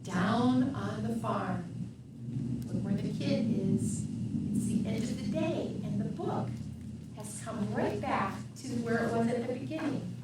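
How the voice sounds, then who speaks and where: Middle-aged woman, children's librarian at storytime; slow chanting read-aloud, recorded off mic in a roomy space. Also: on the high side, far from the mic, very noisy. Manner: sing-song, animal sounds, asks children questions. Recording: echoey room, voice from off mic.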